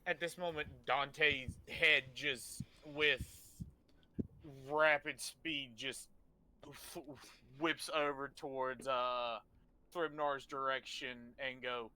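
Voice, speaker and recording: A man's voice: mid-range voice, fairly even intonation, slow pace, bright, forceful tone, clean tone. A man playing a tabletop role-playing game, declaring his character's actions and speaking his lines with dramatic flair. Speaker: player.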